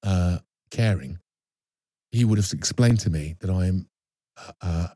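A man, an actor guest recounting a personal story in a halting way, often repeating words and restarting. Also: low voice, warm tone, husky, no echo.

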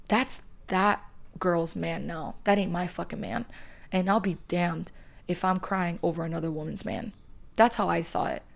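A woman's voice: on the low side, gravelly. A young woman hosting a podcast, giving emphatic, blunt breakup advice and swearing freely. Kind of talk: advice monologue.

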